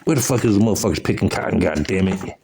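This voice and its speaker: A man's voice: low voice, lively intonation, very fast, vocal fry, noisy background. A man giving profane, agitated commentary on old photos, exclaiming as he goes. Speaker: video host.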